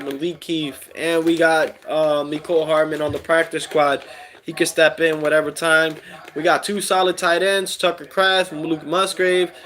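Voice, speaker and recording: Male stream host; easygoing, chatty, reads comments aloud. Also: fairly high pitch. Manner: relaxed, reads chat aloud, many fillers. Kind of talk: casual live stream chat.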